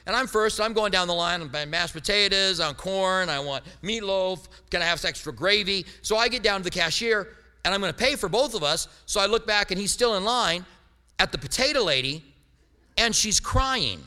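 A man's voice: high voice, expressive, moderate pace, sharp tone, smooth, long reverb tail. A middle-aged man preaching as a pastor, telling stories with humor and animation. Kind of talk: sermon.

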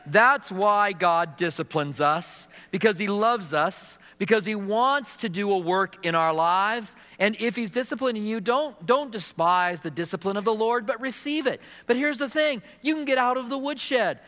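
A middle-aged man delivering a sermon, his voice fairly high and ringing bright. He tells stories and acts out quotes with touches of humor. The sound carries a long hall reverb. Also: lively intonation, moderate pace. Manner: storytelling with acted quotes and humor. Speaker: pastor.

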